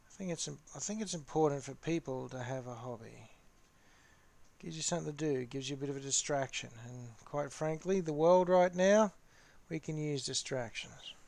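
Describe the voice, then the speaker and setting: A man's voice: on the high side, moderate pace, creaky, darkish tone. A man hosting a casual live-stream chat while painting models, rambling and talking to his viewers. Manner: rambling, chatty, talks to the chat.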